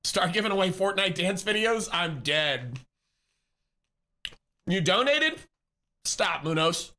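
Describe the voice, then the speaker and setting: High, bright-voiced male streamer. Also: expressive, slow. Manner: chatty, teasing, laughs often; reads chat aloud and greets viewers. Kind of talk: casual live-stream chat.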